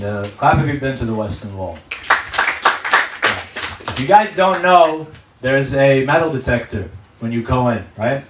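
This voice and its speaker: A man's voice: mid-range voice, very noisy. A man performing a stand-up comedy set, telling stories with lots of swearing and acting out the people in them. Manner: profane storytelling, acts out characters' voices. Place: comedy stage before a live audience. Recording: roomy stage sound, distant mic. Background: audience laughter and claps.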